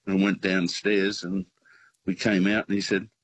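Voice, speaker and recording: A man's voice: deep voice, flat delivery, normal speed, husky, poor audio. A man calling a radio quiz, telling a rambling story with many hesitations. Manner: rambling, hesitant, full of ums. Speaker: caller. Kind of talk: casual phone-in storytelling.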